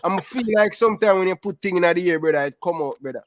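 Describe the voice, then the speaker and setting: A man's voice: sits high, quick pace, no echo. A man calling in to a fan show, talking animatedly and calling everyone brother. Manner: animated, patois-laced, calls everyone brother. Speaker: caller. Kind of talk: casual phone-in chat.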